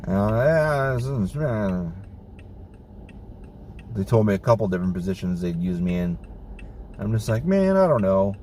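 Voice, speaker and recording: A man's voice: fairly low pitch, measured pace, pauses often, a little mellow, recorded from a distance, a little hiss or hum. A man venting in a casual monologue, swearing often and getting exasperated. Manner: profane, exasperated ranting.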